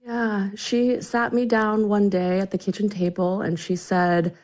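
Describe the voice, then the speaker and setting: A woman in her forties, an author guesting on a radio interview, tells a family story earnestly and thoughtfully, restarting often. Her medium-pitched voice is steady, a little slow, and slightly mellow, with few pauses.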